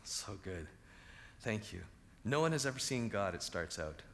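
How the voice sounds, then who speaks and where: A man's voice: fairly low pitch, very animated, moderate pace, fairly bright tone, a little hiss or hum. A man preaching a conversational sermon and asking the audience questions. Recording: reverberant large hall.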